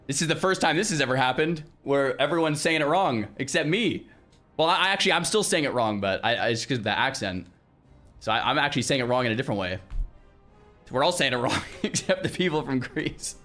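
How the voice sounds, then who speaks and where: A young man streaming, chatting casually with his viewers in an animated way, with lots of restarts and loud exclamations. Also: on the high side, fairly quick, soft background music. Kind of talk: casual livestream chat with viewers.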